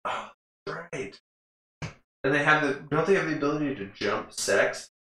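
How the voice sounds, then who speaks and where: A man's voice: a little high, expressive, normal speed, bright, forceful tone. A man co-hosting a podcast, casually recapping a movie in a rambling way, laughing often and swearing freely. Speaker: podcast co-host. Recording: echoey room.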